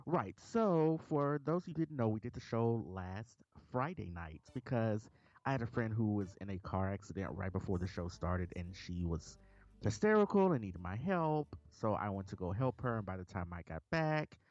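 A man co-hosting a podcast, telling stories in an animated, casual way and swearing freely. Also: on the low side, normal speed, dry recording. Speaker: podcast co-host. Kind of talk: casual chat. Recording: dull lo-fi dry recording.

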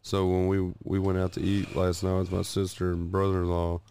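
A young man co-hosting a podcast, telling a story casually with heavy cursing and getting loud and high-pitched when he acts out arguments. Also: completely flat delivery, fairly quick, a little hiss or hum. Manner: profane, gets loud and high acting out arguments. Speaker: podcast co-host.

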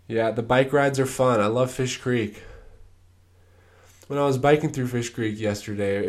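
A young man hosting his own podcast, telling stories in a laid-back, rambling way with lots of fillers. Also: mid-range voice. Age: young adult. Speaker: podcast host. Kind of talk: casual solo podcast storytelling.

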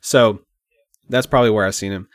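A man's voice: fairly low pitch, a little fast, no room sound, clean studio sound. Laid-back man chatting about a movie. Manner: relaxed, rambling, says "like" often. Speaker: podcast co-host. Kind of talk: casual movie discussion.

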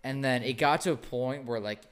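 A young man hosting a podcast, telling animated stories in casual chat and swearing freely. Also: medium pitch, fairly quick, clean tone. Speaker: podcast host, former bartender.

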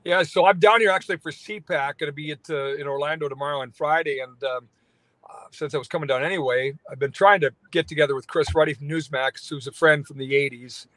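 A man's voice: fairly high pitch, steady tone, brisk, a bit bright, dry recording. A man, a radio talk show host, telling a long story with lots of fillers and restarts. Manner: rambling, many fillers and restarts. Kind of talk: phone-in interview storytelling.

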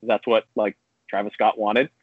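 A man's voice: on the low side, flat delivery, normal speed, husky, dry recording. A man casually chatting on a podcast, rambling through a story and acting out the quotes. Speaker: podcast co-host. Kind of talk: casual chat. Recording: tinny phone-like line, dry.

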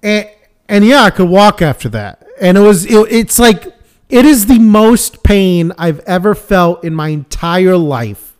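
A young man co-hosting a podcast, swearing constantly as he tells a story in lively casual chat with voiced quotes. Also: high-pitched, measured pace, clear, resonant tone. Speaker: podcast co-host.

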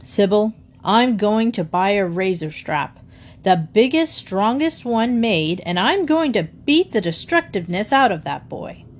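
A woman's voice: medium pitch, very animated, measured pace. Woman doing cross father, blustering, indignant, stern, storybook reading. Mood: angry.

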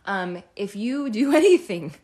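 A woman's voice: mid-range voice, unhurried. A woman co-hosting a podcast, chatting casually and acting out people's reactions as she tells stories. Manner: animated storyteller, acts out reactions. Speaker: podcast co-host. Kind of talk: casual chat.

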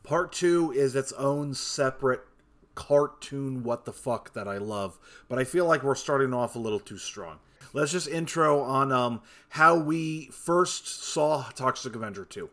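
A man with a mid-range voice co-hosting a casual podcast. His delivery is relaxed and chatty, with some swearing. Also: medium pitch, unhurried. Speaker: podcast co-host.

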